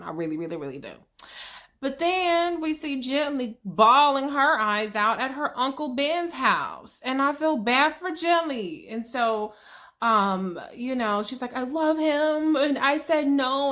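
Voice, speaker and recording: A woman with a fairly high, bright and forceful voice talks through a TV recap in a loose vlog style. She swears freely, chats straight to her viewers and slips into quick acted-out voices for the people she quotes. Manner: profane, chatty, acts out quotes. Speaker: TV episode recap host.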